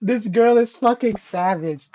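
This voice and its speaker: A man casually telling a story on a podcast, animated and swearing often, acting out the people he quotes. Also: sits high, a little slow. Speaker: podcast co-host.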